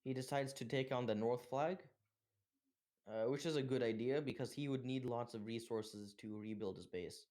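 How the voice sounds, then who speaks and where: Young male gamer, mid-pitched, casual commentary, filler-heavy. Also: moderate pace, darkish tone. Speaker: gameplay commentator. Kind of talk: gameplay commentary.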